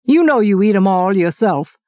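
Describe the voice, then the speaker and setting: A woman's voice: mid-range voice, animated, moderate pace, no echo, highs cut off, close to an everyday voice. A woman voicing a middle-aged male baker journeyman, blunt, teasing and mock-stern.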